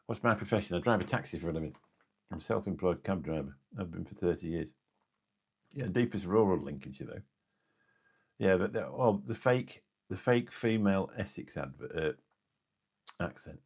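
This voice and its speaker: A very low-pitched English man in his fifties with a gravelly edge and a husky, rough tone. He chats on a late-night live stream, wandering from point to point and losing his thread as he answers viewers. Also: animated, moderate pace, pauses often. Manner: rambling, forgetful, chatty, answers viewer comments. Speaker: live streamer and taxi driver.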